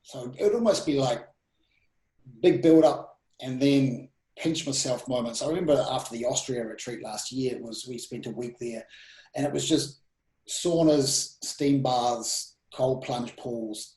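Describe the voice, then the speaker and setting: A man in his thirties telling personal stories in an interview, animated and full of restarts and quoted self-talk. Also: medium pitch. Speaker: guest speaker. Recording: roomy echo.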